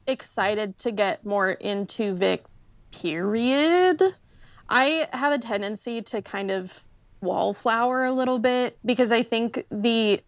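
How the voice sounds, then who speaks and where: A woman's voice: fairly high pitch, dry recording. A woman chatting on a role-play podcast, hesitant, with many fillers and restarts. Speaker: tabletop role-play player. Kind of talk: casual podcast chat.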